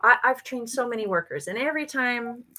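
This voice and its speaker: A woman's voice: on the high side, lively intonation, fairly quick, pushed and bright. A woman talking as a podcast guest about parenting a child with special needs, rambling with many fillers and restarts. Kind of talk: casual conversational interview.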